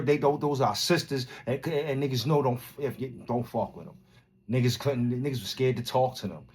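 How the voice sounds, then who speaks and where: A man from Brooklyn, hosting a podcast and telling a story in a casual, slang-heavy way, acting out loud quotes as he goes. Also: medium pitch. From Brooklyn, New York. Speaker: podcast host.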